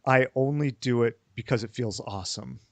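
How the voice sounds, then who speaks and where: A man co-hosting a podcast with a mid-pitched voice and a wry, curious manner. He keeps asking questions and pushing for clear definitions in casual chat. The sound is dry, with no room echo. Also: moderate pace. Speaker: podcast co-host.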